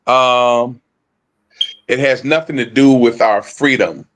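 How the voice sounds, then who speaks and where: A man co-presenting a casual online discussion, talking haltingly with many fillers and restarts, speaking on a phone. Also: mid-range voice, fairly even intonation, a bit bright.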